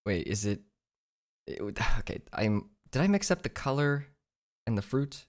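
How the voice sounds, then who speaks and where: A man's voice: lowish voice, sing-song, normal speed. A tired young man in a hotel room, talking in a crude, joking vlog monologue and laughing often. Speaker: vlogger.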